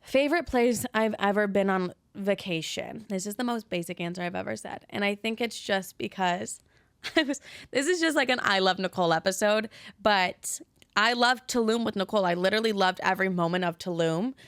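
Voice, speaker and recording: A young woman in her twenties chats through listener questions on her podcast, swearing freely and gushing about her friends. Her voice is smooth and clear, recorded close and dry with no room sound. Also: medium pitch, fairly quick, fairly bright tone, no room sound. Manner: chatty, candid and profane, gushing about friends. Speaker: podcast host. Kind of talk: casual solo podcast, answering listener questions.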